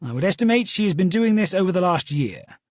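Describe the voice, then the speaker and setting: A male narrator voicing a precise, courteous detective who speaks in a formal, measured way. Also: high-pitched, very animated, dry recording, studio quality, pitched above the performer's own voice.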